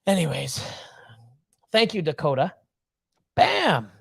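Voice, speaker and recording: Man, high voice, blunt, swearing a lot, fired-up livestream rant. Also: huge pitch swings, takes it slowly, creaky, slightly rough. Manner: blunt, profane, fired-up motivational ranting. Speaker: snake breeder hosting a livestream.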